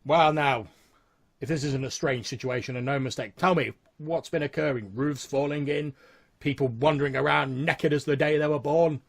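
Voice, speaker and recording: A man doing a heavy older sheriff of the frontier, wary and full of bluster, who speaks in a slow, folksy drawl. His voice is gravelly and a little husky. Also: a little high, steady tone, voice pushed up. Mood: gruff. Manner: drawling, hesitant, folksy authority. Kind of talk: tabletop role-play character voice.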